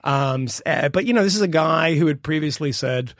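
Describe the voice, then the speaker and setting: A middle-aged man co-hosting a casual political podcast, rambling and emphatic, with sudden jumps in pitch. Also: a little fast, no room sound, studio quality. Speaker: podcast co-host.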